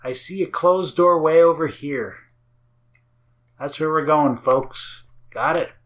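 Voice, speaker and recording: A woman's voice: deep voice, takes it slowly. A woman giving casual, wry commentary as she plays a game, muttering to herself and the viewers. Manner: wry, muttering to self while playing. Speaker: game streamer.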